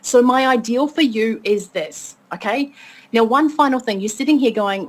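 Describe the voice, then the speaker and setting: Speaking at a normal speed in a slightly high voice, a woman leads a motivational webinar for an online course. She's chatty and upbeat, repeatedly asking her audience "okay?" to check they're following.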